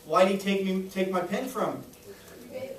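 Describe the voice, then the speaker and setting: A man's voice: sits high, moderate pace, a little hiss or hum. A man giving a live sales training talk to a small audience in a room, upbeat and coaching, often checking if the room is following. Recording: echoey room, voice a little far.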